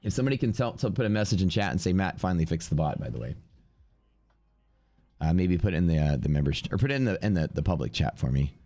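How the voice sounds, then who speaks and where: Low-voiced stuffy man thinking aloud. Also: sing-song, fast talker, mellow, soft background music. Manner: offhand, thinking aloud while reading out numbers. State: congested with sniffles. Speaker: live-stream day trader. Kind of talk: casual live-stream commentary.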